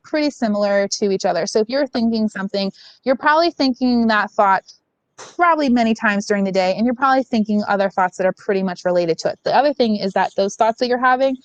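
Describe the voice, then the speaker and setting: A woman's voice: mid-range voice, no room sound, low-quality recording. A woman giving a casual, reassuring workshop talk over a video call and leading a guided breathing exercise, often checking in with "okay?". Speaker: union support presenter.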